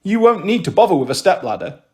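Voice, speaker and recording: A man's voice: sits high, very animated, fast talker. A man doing cheeky teasing teen girl Jody. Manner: cheeky, mocking.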